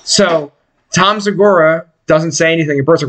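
Man, somewhat higher voice; crude, jokey podcast host prone to impressions. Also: fast. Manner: jokey, mimics others in high voices. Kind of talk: crude casual banter.

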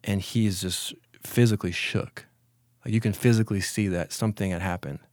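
Guy in his 40s, low-ish voice, chill reflective storytelling, lots of restarts, dry sound. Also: moderate pace, dry recording. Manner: relaxed, reflective, many restarts and fillers. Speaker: interview guest, former college football player. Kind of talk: casual storytelling in an interview.

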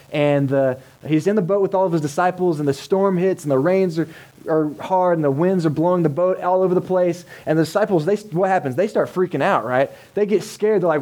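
A man's voice: high voice, warm tone, low-quality recording. A male pastor, preaching a sermon in a conversational way and asking the congregation rhetorical questions. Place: church service held in a cinema.

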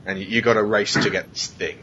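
A man's voice: steady tone, sharp tone. A man hosting a casual podcast chat, reading out film clichés and joking, swearing and laughing often. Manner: sweary, jokey, laughs often, does quick silly voices. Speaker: podcast host. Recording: dull lo-fi podcast audio with faint rumble.

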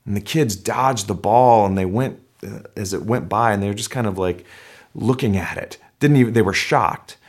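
A middle-aged male pastor giving a sermon, telling a story with animated delivery and shouting out the crowd's cheers. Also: on the low side, normal speed.

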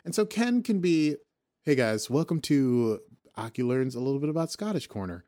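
A man's voice: mid-range voice, very animated, normal speed, mellow. A man hosting a podcast, casually recapping a TV episode in a rambling, joking way, often correcting himself. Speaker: podcast host.

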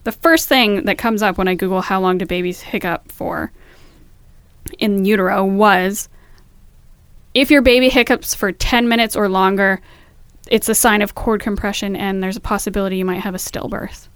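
A woman's voice: mid-range voice, normal speed, clear, resonant tone, no echo. Candid pregnant woman telling stories, dry sound. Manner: candid, animated storytelling with swearing. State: pregnant, third trimester. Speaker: podcast co-host. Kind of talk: casual chat.

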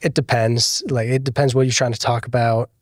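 A man's voice: mid-range voice, brisk, no echo, studio quality. Casual man explaining video tips. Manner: relaxed, explains with many "like" fillers. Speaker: guest video producer. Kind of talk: casual podcast interview.

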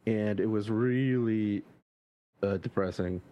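A man playing a tabletop game over a video call, joking in a deadpan way. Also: lowish voice, slow pace, highs cut off. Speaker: player.

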